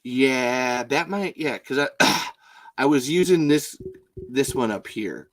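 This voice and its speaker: The recording is rough and has no room sound: a mid-range male voice belonging to a podcast host who chats casually live from a home mic, animated, rambling and freely profane.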